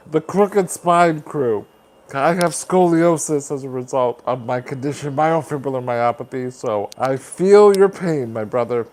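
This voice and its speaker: Guy hosting a live stream, slow easy pace, hyped up, reading chat. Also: a little high, darkish tone. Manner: upbeat, hyping up viewers. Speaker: livestream host. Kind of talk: casual livestream chat, reading viewer comments.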